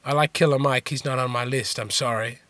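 Bright-voiced deadpan man rambling. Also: mid-range voice, brisk, dry recording. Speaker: podcast host. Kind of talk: casual comedic monologue answering listener questions.

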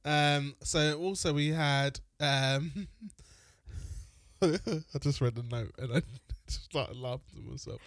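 A man's voice: on the high side, slow, fairly bright tone, no room sound, clean studio sound. A man co-hosting a podcast, chatting bluntly and swearing freely into a handheld mic. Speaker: podcast co-host. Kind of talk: casual chat.

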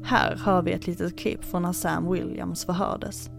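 A woman hosting a podcast, reading a true-crime narration in a calm, even manner. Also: fairly low pitch, normal speed, gravelly, over music. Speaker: podcast host.

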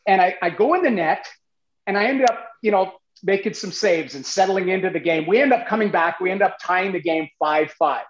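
A man telling a long story in a casual, animated way, full of restarts. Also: sits high, brisk, reverberant, dull audio. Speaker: guest, former goalie.

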